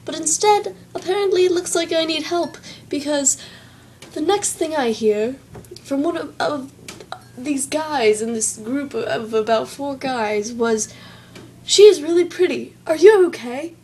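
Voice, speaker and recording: Young southern woman vlogger, higher voice, dry self-mocking asides, faint room hum. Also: a little slow, a little mellow, rough recording. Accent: Southern American. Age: young adult. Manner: chatty, wry and self-mocking. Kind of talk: casual vlog storytelling.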